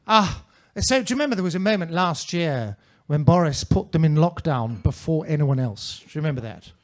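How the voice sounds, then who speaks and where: A man's voice: fairly high pitch, animated, fairly quick. A male stand-up comedian performing in a comedy club with a mannered, theatrical, droll delivery into a handheld mic.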